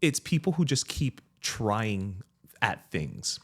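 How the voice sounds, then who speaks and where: A man's voice: on the low side, very animated, takes it slowly, husky. A man co-hosting a casual podcast chat, thinking aloud in long, reflective explanations. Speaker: podcast co-host.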